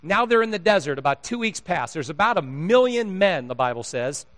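A man's voice: high voice, a little fast. A man preaching a sermon, telling funny stories and acting out the dialogue in them, laughing often. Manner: animated storyteller, acts out dialogue, laughs often. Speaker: pastor. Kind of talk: sermon with humorous storytelling.

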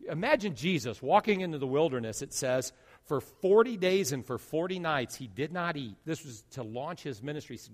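A man pastor preaching a sermon, swinging between loud declarations and hushed asides. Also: on the high side, lively intonation, a little fast, big-room sound.

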